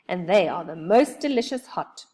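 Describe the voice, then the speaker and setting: A woman voicing a tiny, kind fairy girl who speaks sweetly and warmly in a storybook reading. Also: lowish voice, lively intonation, normal speed, lightly acted. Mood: friendly.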